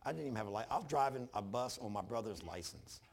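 Male pastor, gravelly and a bit husky, folksy sermon storyteller. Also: medium pitch, fast. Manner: folksy storytelling with animated retold dialogue.

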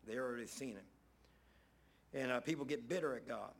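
A man preaching in a loose, homespun way. His voice sits at an ordinary middle pitch, and he circles back on his phrases to drive a point home. He sounds like he is talking the Bible through with his congregation. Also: moderate pace. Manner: folksy and conversational, repeats phrases for emphasis. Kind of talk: casual sermon.

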